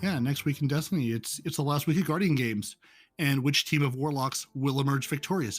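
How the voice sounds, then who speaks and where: A man's voice: mid-range voice, fairly quick, over music. A man hosting a casual gaming podcast, joking and often repeating words as he talks. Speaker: podcast host.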